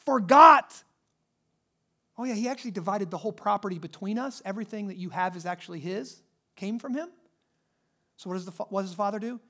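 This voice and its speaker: A preacher giving a sermon in church, animated and emphatic, rising and dropping in pitch and loudness to stress points. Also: a little fast, long pauses.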